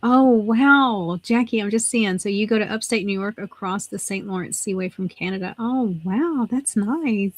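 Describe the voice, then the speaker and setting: A woman's voice: medium pitch, normal speed, few pauses, no room sound. A woman co-hosting a craft livestream, chatting casually and laughing often. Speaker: livestream co-host. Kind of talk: casual chat while crafting.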